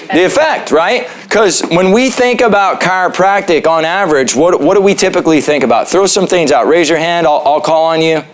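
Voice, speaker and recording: A man with a fairly high voice teaches a health class in his chiropractic office. He keeps it casual and joking, and keeps putting questions to the room. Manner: joking, asks the audience questions.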